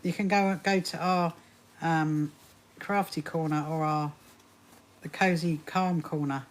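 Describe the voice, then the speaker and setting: A woman's voice: deep voice, steady tone, measured pace. Chatty woman hosting a live stream. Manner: chatty, greets viewers, laughs often. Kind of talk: casual live stream chat.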